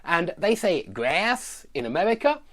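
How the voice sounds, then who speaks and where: Male pronunciation teacher, Southern English accent; slow, exaggerated word drills with a very lively melody. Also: on the high side. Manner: frequent checking tags like "yeah?" and "okay?". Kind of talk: online pronunciation lesson.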